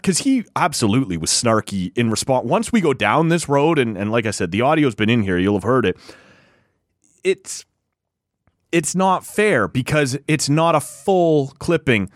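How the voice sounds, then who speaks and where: A man holds forth on a casual sports podcast, heated and quick to swear. His pitch swings widely as he argues. The sound is dry and close, with no room around it. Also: no room sound. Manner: heated, profane, lively ranting. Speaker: podcast co-host.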